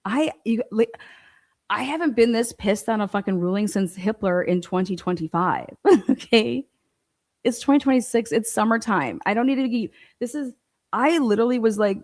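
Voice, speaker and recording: A woman with a slightly high voice speaks at a normal speed. She's a show host and legal commentator delivering heated, profane commentary on a court ruling, sounding exasperated and animated as her rant rises into outbursts of disbelief.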